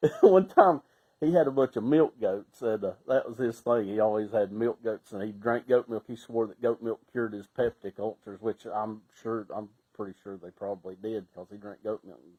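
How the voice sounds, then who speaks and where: A middle-aged man with a Southern Appalachian accent, telling casual stories in a folksy way, laughing often and sometimes breaking into loud shouts. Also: on the low side, moderate pace, poor audio. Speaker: storyteller. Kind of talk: casual storytelling.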